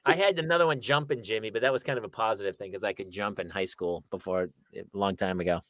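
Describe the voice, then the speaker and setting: A man's voice: lowish voice, fast, no room sound. A middle-aged American man telling stories on a podcast with lots of energy. He jumps into other people's voices as he recounts them. His voice is dry and close, with no room sound. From United States. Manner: animated storyteller acting out quoted voices. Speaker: podcast co-host. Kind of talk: casual chat.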